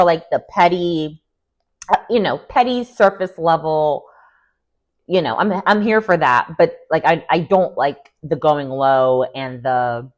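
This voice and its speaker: A young woman giving an opinionated, chatty recap of a reality show, often quoting the cast in lively voices. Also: low voice. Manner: chatty, opinionated, quotes people in animated voices. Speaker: recap vlogger. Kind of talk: casual recap commentary.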